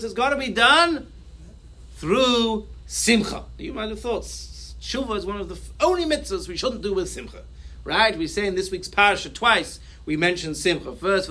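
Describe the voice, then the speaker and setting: A man teaching as a rabbi, his voice pitched high and bright. He quotes Hebrew sources and unpacks each one in English. He talks in an animated way and acts out people's reactions. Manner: reads Hebrew sources aloud, then explains them in English. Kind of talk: Torah talk to a congregation.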